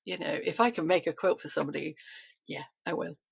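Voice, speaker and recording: A woman's voice: low-pitched, quick pace, vocal fry, husky, no room sound. A middle-aged British woman, a quilter, talking earnestly and reflectively as a guest in a casual interview. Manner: earnest, reflective, repeats and restarts phrases.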